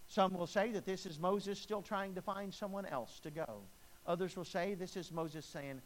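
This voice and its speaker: A middle-aged male pastor preaching a sermon, swinging between booming emphasis and hushed, low delivery. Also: expressive, moderate pace, low-quality recording.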